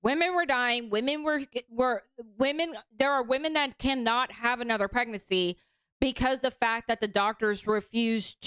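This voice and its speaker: A woman's voice: a little high, fairly bright tone, clear, resonant tone, no room sound. A young adult woman hosting a casual commentary livestream, talking bluntly with lots of swearing. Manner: blunt, profane, ranting. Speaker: stream host.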